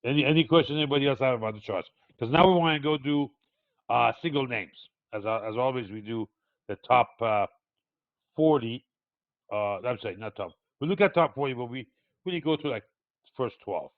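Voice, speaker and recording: A man's voice: medium pitch, a little fast, no room sound. An older man with a non-native English accent, a market analyst teaching a live webinar, digressive and hesitant with many fillers as he explains step by step. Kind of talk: live chart walkthrough for traders. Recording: tinny phone-like dry sound.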